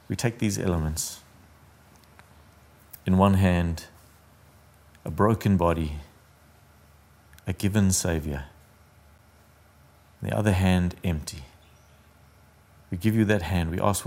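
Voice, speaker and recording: A man's voice: sits low, a little slow, long pauses, darkish tone. A man preaching a sermon as pastor, earnest and intimate, often dropping his voice almost to a whisper.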